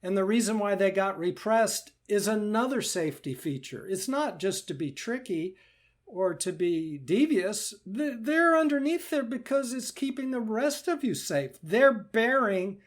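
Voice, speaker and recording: A man teaching meditation in a live question-and-answer session, speaking gently and reassuringly and often repeating phrases. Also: high-pitched, lively intonation, measured pace. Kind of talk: live Q&A talk.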